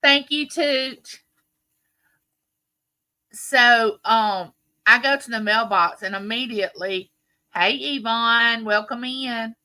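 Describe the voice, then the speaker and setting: Slow-talking woman in her late fifties. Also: fairly high pitch. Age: late 50s. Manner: chatty, warm, rambling storytelling with viewers. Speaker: livestream host. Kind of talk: casual live-stream chat.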